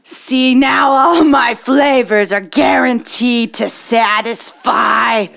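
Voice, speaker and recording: A woman doing a creepy gravelly old man. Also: fairly high pitch, a bit bright, heavily acted. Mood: leering. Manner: slow, leering drawl with laughs. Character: creepy old male ice cream man.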